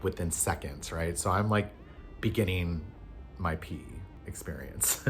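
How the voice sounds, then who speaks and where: Husky man telling a wild story. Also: lowish voice. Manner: animated, jumps to loud shouts when acting out the panic. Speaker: vlogger telling a personal story. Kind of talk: casual storytime monologue.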